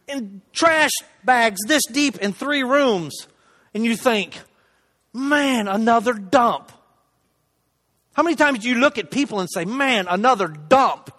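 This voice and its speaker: In a church, a middle-aged lay preacher with a notably high, light voice gives his testimony. He's conversational and self-deprecating, hushing for asides and getting loud for emphasis, while long hall reverb trails each word.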